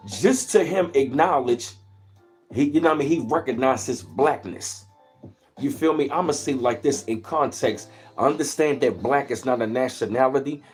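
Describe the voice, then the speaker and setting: A man's voice: mid-range voice, moderate pace, husky, soft background music. Laid-back man rambling on a livestream. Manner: rambling, laid-back storytelling, greets viewers in between. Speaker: livestream host. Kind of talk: casual livestream chat. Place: at home, where he lives in Maryland.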